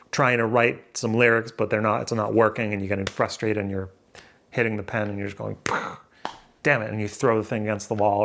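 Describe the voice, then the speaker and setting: A man with a lowish, creaky, fairly bright voice rambles to the camera in front of him in a self-mocking solo vlog, swearing casually. He's seated in an indoor room near a window at home, and there's a little hiss or hum.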